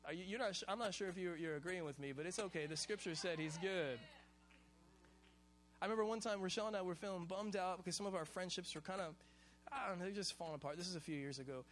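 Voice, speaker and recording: A man from Hawaii preaching a sermon in a casual, animated, conversational way, full of slang. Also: high-pitched, fast, soft background music. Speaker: pastor.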